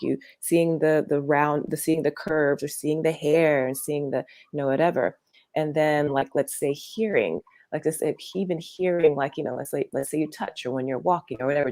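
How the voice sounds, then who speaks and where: A woman interview guest who teaches workshops, talking gently in a meandering way with lots of fillers and restarts. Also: low voice, no room sound. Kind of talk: conversational interview.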